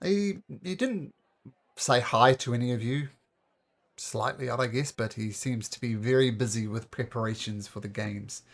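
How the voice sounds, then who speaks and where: A man narrating a tabletop game as game master, in relaxed, descriptive narration. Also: mid-range voice, normal speed.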